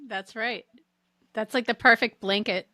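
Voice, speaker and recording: A woman with a Massachusetts accent, a podcast guest who chats casually, laughs often, and reacts quickly. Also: on the high side, fairly even intonation, bright, forceful tone, no room sound. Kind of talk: casual chat.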